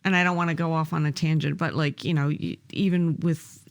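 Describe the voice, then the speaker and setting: A member of a casual Bible study group, sharing an opinion in a measured, hedging way. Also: mid-range voice, fairly even intonation, gravelly, no room sound.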